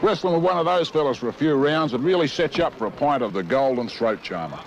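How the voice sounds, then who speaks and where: A man's voice: mid-range voice, animated, quick pace, noisy background, natural voice. A man with an Australian accent, a cheerful, brash visitor in a comic lager advert.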